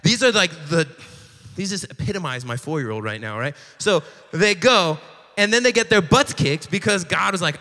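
A young man with a bright, slightly high voice gives a casual sermon. He acts out every quote in a lively, joking way. His words ring out with a long echo through a large hall. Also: normal speed. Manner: animated storyteller acting out quotes, joking asides. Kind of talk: casual sermon retelling a Bible story.

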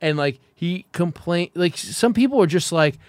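A man's voice: high-pitched, animated, moderate pace, no echo, clean studio sound. Crude rambling man on a podcast. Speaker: podcast co-host. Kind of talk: casual chat.

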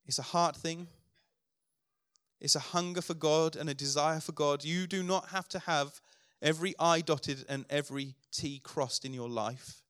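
Male pastor, middle-aged, earnest sermon delivery, slightly high voice, dry close sound. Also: normal speed, fairly bright tone, clear, resonant tone, dry recording. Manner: earnest preaching, builds to emphatic declarations.

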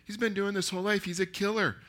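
A man's voice: high-pitched, little pitch movement, quick pace, a bit bright, voice pushed up. A man voicing an anxious friend who begs a boy not to go into a fight he cannot win. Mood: urgent.

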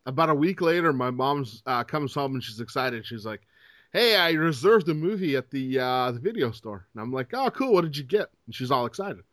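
A man's voice: medium pitch, expressive, a little fast, a bit bright, no echo. A man co-hosting a podcast, chatting casually with crude jokes and frequent laughter. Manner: crude, joking, laughs often. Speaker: podcast co-host. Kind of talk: casual chat.

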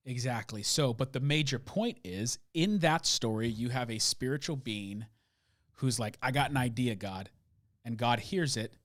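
A man co-hosting a casual Bible discussion, emphatic and getting loud when he mimics someone. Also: medium pitch, animated, unhurried.

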